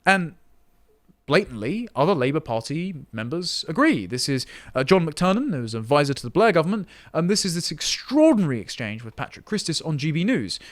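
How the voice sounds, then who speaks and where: A man's voice: fairly high pitch, sing-song, brisk, dry recording. A man giving political commentary in a podcast, sardonic and reading long quotes aloud.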